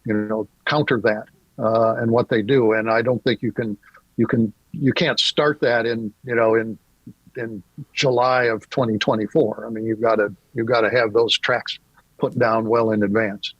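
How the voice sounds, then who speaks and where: A man speaking as a political journalist guest in an interview, measured and thoughtful with frequent fillers. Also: on the low side, fairly even intonation, dry recording. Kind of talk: casual interview talk. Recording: dull lo-fi dry audio.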